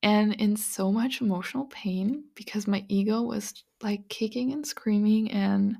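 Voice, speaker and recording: Woman, podcast host, casual spiritual monologue, earnest, confiding, vocal fry, mid-pitched. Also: fairly even intonation, a little slow, dark tone. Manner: earnest, confiding, full of "like" and "you know".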